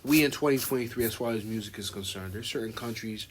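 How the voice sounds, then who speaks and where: A young American man co-hosts a podcast, chatting casually with slang, fillers and false starts. His voice is on the low side and quick, with a little hiss or hum in the recording.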